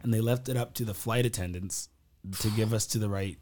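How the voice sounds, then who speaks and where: A young man from the Yukon with a raspy voice, telling laid-back stories as a podcast guest. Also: fairly low pitch, brisk, darkish tone, a little hiss or hum. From Yukon, Canada. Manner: laid-back storytelling, frequent laughs. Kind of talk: casual chat.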